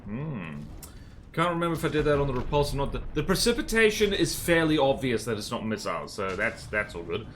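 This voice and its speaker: A man's voice: mid-range voice, very animated, a little fast, a bit bright, a little hiss or hum. A man from the American South giving rambling, casual live-stream commentary on a game, full of fillers and restarts. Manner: rambling, many fillers and self-corrections.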